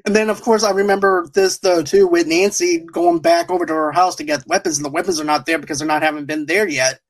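A man's voice: on the high side, steady tone, fast talker. A man hosting a podcast, reviewing a TV show in casual chat, rambling and laughing often. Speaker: podcast host.

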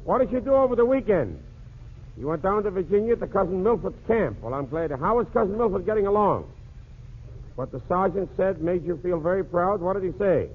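A man's voice: sits high, lively intonation, fairly quick, slightly rough. A man hosting a 1940s radio comedy show, cracking jokes through a one-sided phone call. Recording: tinny old radio broadcast with faint hiss.

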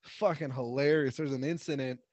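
A man's voice: mid-range voice, steady tone, a little fast, a little mellow, no echo. A man co-hosting a podcast in casual chat, laughing often, swearing freely and retelling scenes with quotes. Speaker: podcast co-host.

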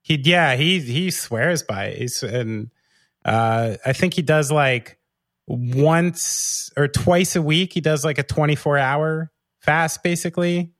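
A man's voice: fairly high pitch, slow pace, a bit bright, no echo, studio quality. A man co-hosting a podcast in casual chat, rambling and enthusiastic, full of fillers. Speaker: podcast co-host.

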